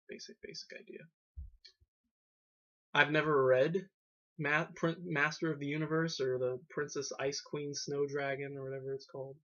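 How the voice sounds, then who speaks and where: A man casually reviewing books on a vlog, rambling with lots of fillers and sarcastic asides. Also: medium pitch. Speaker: video book reviewer. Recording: dull lo-fi webcam audio.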